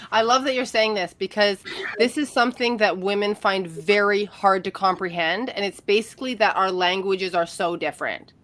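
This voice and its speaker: Animated woman relationship coach. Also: mid-range voice, moderate pace. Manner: candid, animated, laughs often. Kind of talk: casual podcast conversation.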